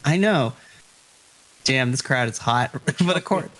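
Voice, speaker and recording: A man's voice: mid-range voice, expressive, a little slow, a bit bright. A man co-hosting a podcast, joking in casual chat with frequent laughs and blunt remarks. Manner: playful, laughs often, blunt. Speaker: podcast co-host. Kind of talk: casual chat reacting to wrestling.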